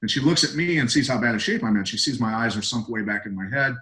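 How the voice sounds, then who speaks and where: Middle-aged male guest, mid-pitched, blunt storyteller with emphatic bursts. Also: expressive, quick pace, pushed and bright, rough recording. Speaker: guest, retired fighter and coach. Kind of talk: casual podcast storytelling.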